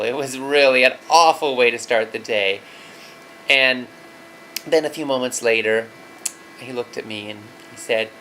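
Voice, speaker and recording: A man's voice: medium pitch, fairly even intonation, moderate pace, pushed and bright, a little hiss or hum, low-quality recording. A man in his thirties telling a personal story as a father, earnest and reflective, with some fillers.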